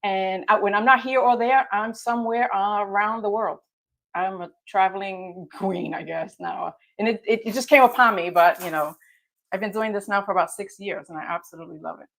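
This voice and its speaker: A woman's voice: mid-range voice, a little fast, creaky, a bit bright. A middle-aged woman from the Bronx, a guest travel expert chatting casually and laughing easily. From the Bronx, New York. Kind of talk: casual interview chat.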